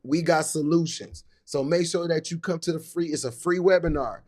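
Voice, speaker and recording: A man's voice: on the high side, normal speed, a little mellow. Give me a man, fired up and repetitive as he coaches on a live stream. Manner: hyped, repetitive, casual slang. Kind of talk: motivational live talk.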